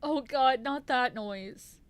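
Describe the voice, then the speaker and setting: A woman streamer reacting live to a game, swearing and exclaiming loudly. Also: high voice, takes it slowly, noisy background.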